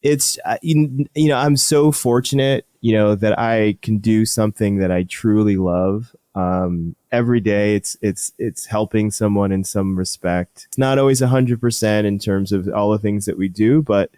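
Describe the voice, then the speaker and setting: A man's voice: on the low side, mellow, no room sound, clean studio sound. A middle-aged man, a urologist guest, telling stories in casual interview chat with frequent restarts. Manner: enthusiastic storyteller, laughs often, halting restarts.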